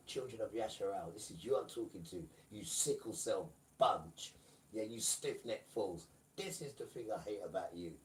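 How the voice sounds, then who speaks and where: Low-voiced man preaching on a livestream. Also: animated, moderate pace, recorded from a distance, poor audio. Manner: preachy, repetitive, tag questions to viewers, bursts of loud emphasis.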